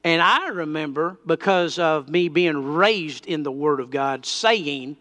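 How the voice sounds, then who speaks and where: A man's voice: a little high, a little slow, hardly any pauses, bright, forceful tone. A man preaching a sermon, telling a personal story that builds into fervent declarations.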